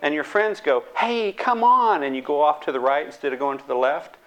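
A man giving a lecture, animated and acting out the voices of the people in his examples. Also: medium pitch, quick pace. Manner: animated, acts out quoted voices.

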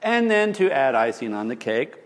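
A man's voice: medium pitch, moderate pace, long reverb tail. A man teaching about marriage conflict, telling stories with wry asides. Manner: animated, storytelling, wry asides.

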